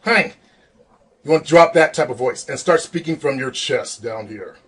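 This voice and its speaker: A man's voice: mid-range voice, fairly quick, breathy edge. A man coaching viewers on dating in a blunt, repetitive lecturing monologue. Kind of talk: advice monologue.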